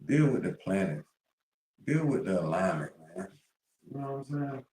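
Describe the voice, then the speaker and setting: A man's voice: deep voice, very animated, moderate pace, a little mellow, reverberant. A man streaming live, talking casually to his viewers, rambling and profane with heavy slang.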